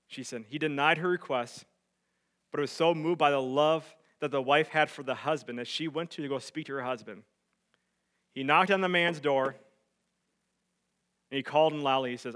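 A male pastor preaching, dropping to hushed tones and rising to loud emphatic peaks as he tells a story. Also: medium pitch, normal speed, pauses often. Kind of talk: sermon.

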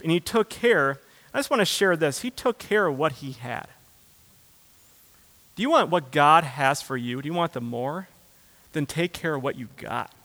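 Male pastor preaching in a reverberant hall; bright, forceful tone, rising to loud bursts and falling to hushed asides. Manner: builds to loud impassioned preaching, then drops low. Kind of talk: sermon.

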